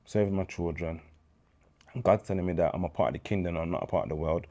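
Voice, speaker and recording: A man in his thirties from England with a Birmingham accent speaks in a very low, dark, mellow voice as a guest and charity founder. His relaxed interview style turns into lively, preacher-like storytelling packed with slang. He talks fast, and the recording's highs are cut off.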